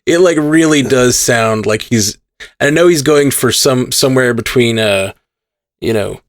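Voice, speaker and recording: Gravelly male podcast co-host. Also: medium pitch, dry recording, studio quality. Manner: teasing, quick banter. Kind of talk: casual chat.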